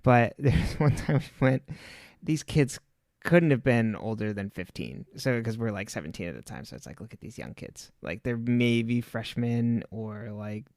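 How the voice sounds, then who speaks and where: A man's voice: mid-range voice, animated, moderate pace, a little mellow, no room sound, clean studio sound. A man from Southern California co-hosting a podcast, recapping a TV episode in casual chat with rambling anecdotes and frequent laughter. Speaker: podcast co-host.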